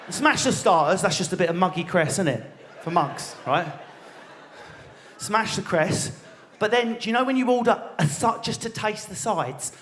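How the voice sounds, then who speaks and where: A man in his forties with an Essex accent doing a crude, rapid-fire stand-up routine on a theatre stage, leaping into squeaky voices. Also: a little hiss or hum. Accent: Essex English. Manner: rapid, animated, crude riffing with squealed voice jumps. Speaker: stand-up comedian.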